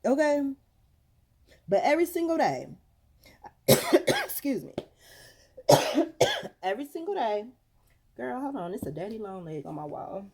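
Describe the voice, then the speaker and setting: A woman's voice: fairly high pitch, measured pace, long pauses, noisy background. A woman ranting to her viewers in a casual vlog, telling a story animatedly, acting out what she said and calling the audience girl and y'all. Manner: animated storytelling, acts out quotes. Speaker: mom vlogger.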